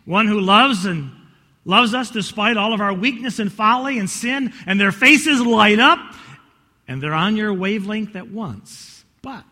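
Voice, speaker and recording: A male pastor preaching a sermon, telling a story in an animated, folksy way with many restarts, in a church. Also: high voice, measured pace. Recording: echoey hall.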